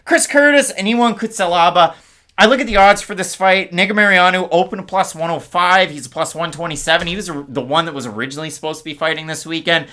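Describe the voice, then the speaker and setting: Bright-voiced male fight analyst. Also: high voice. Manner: stat-heavy, rapid-fire breakdown. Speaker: co-host. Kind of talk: casual podcast analysis.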